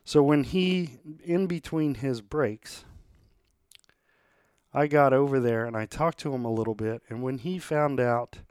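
A man's voice: mid-range voice, a little slow, darkish tone, clean tone, no echo, clean studio sound. A man hosting a podcast, reading sponsor spots and chatting in an upbeat, rallying way. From United States. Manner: upbeat, rallying, plainspoken with fillers. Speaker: podcast host. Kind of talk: sponsor reads and casual interview.

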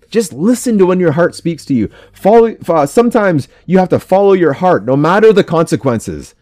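Man preaching hard on his podcast, voice jumps all over, kinda high. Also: big pitch swings, moderate pace, hardly any pauses, mellow, no echo. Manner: fiery, emphatic, repeating phrases. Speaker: podcast host. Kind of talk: preaching to men.

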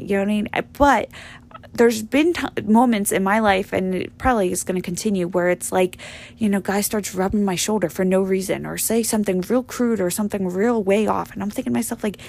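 Blunt, gravelly-voiced woman podcaster. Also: medium pitch, brisk, darkish tone. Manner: blunt and profane, filler-heavy rambling. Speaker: podcast host. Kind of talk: casual monologue.

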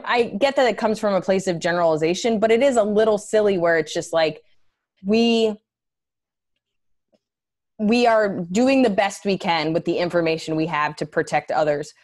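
A woman's voice: mid-range voice, expressive, darkish tone. A woman comedian in casual chat, telling stories full of fillers and acted-out quotes. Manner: fast, filler-heavy storytelling with acted quotes.

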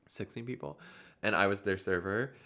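A man's voice: on the low side, moderate pace. Man chatting animatedly on a podcast. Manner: animated, laughs often while telling a story. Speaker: podcast co-host. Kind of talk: casual chat, storytelling.

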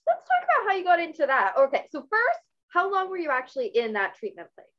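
A woman's voice: extremely high pitch, wildly swooping pitch, quick pace, fairly bright tone, lo-fi sound. Earnest woman interviewer from Canada. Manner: earnest, rambling, many restarts. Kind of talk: casual interview.

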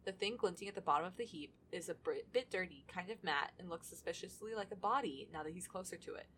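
A woman's voice: lowish voice, fast talker, a bit bright, a little hiss or hum. A woman co-hosting a podcast, reading fan fiction aloud between chatty, laughing asides and casual swearing. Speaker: podcast co-host.

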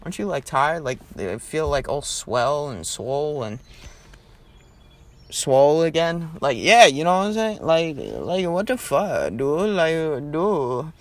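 A man's voice: a little high, very animated, takes it slowly. A teenage man hosting a casual solo podcast from his parked car, rambling and joking with lots of "like" and swearing. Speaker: podcast host.

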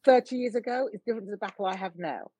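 A middle-aged woman speaks as an interview guest. Her voice is husky, and the sound is dry and close. She talks earnestly and evenly, pausing on small fillers. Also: mid-range voice, mellow, no echo, rough recording. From United Kingdom. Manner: earnest, measured, with frequent fillers. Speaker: guest, motorsport official. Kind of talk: conversational interview.

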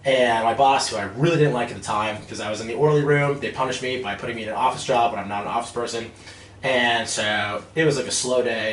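A man in his thirties telling a lively story about his army days, acting out quotes and laughing often. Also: medium pitch, a little fast. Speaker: guest, army veteran turned real estate investor. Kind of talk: casual storytelling interview. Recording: roomy, distant mic with faint noise.

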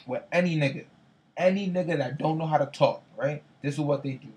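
A man's voice: fairly high pitch, fairly quick, a little mellow, poor audio. A man in casual chat, retelling an argument with lots of slang and profanity, repeating himself as he goes. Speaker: storyteller in a casual conversation.

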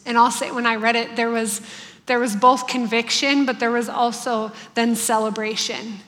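A woman's voice: on the high side, fairly even intonation, moderate pace, a bit bright. A woman in her thirties giving an earnest, heartfelt devotional talk to a congregation about family life. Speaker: church speaker on family life. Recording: long hall reverb.

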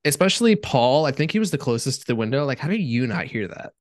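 A man who is a podcast guest, trading blunt, profane reactions in a casual chat about a movie. He speaks at a middle pitch. The recording is dry and close-miked. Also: sing-song, fast, no echo. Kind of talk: casual film review chat.

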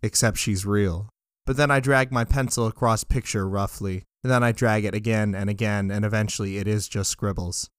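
A man reading dark fiction aloud in a flat, deadpan first-person narration. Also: fairly low pitch, moderate pace, smooth, no room sound, studio quality. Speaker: story narrator.

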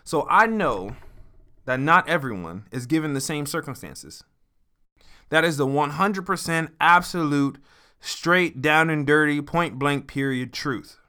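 A man hosting a motivational podcast, talking earnestly and with emphasis, slowing down to stress key words. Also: on the high side, lively intonation, sharp tone, clear, resonant tone. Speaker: podcast host.

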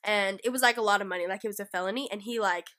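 A woman's voice: mid-range voice, very fast, sharp tone. A woman with a cough, retelling a true-crime case in a casual, rambling way with lots of fillers. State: sick, coughing between lines. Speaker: guest storyteller.

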